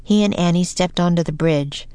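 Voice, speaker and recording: A woman narrating a children's storybook in a calm, measured way, slowing for suspense. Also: on the low side, clean tone, dry recording. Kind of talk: storybook reading.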